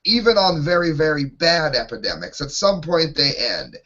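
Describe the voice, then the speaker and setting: A man's voice: a little high, sing-song, moderate pace, sharp tone. A man ranting in an exasperated way while co-hosting an opinionated panel talk show, heard over lo-fi online call audio.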